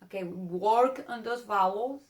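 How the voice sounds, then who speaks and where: Slow-speaking woman with a Spanish accent. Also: mid-range voice. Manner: earnest, drawn-out demonstrations of vowel sounds. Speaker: Spanish teacher. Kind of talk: casual video lesson.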